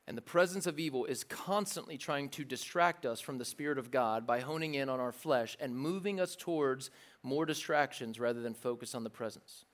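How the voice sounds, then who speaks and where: A man preaching a sermon in a lively, joking way, acting out the voices of the crowd. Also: mid-range voice, moderate pace. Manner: animated, jokey preaching with acted-out crowd voices. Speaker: pastor.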